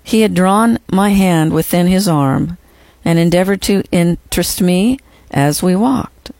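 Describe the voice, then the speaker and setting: Measured, reverent audiobook narrator. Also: medium pitch, a little mellow, no echo. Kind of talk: audiobook reading of a first-person memoir.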